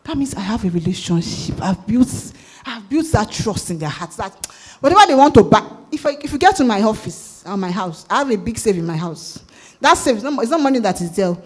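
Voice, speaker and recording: A woman with a Nigerian accent giving a sales talk at a conference, lively and asking the audience questions. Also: medium pitch, brisk, slightly rough. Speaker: conference speaker. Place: conference hall.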